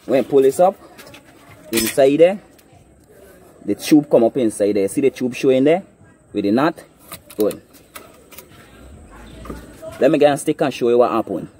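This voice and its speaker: Here the Guyanese hunting vlogger sounds warm, with lively intonation, a moderate pace, and long pauses, plus slight background noise. Filming outdoors on his phone, he casually explains a trap one step at a time and keeps checking that viewers get it.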